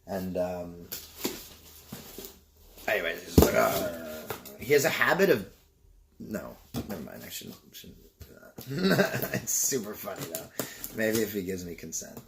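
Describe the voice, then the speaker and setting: A man's voice: deep voice, very animated, a little slow, vocal fry, long pauses, background noise. A young man from Canada opening boxes in a casual vlog, rambling and swearing and getting sidetracked. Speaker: vlogger.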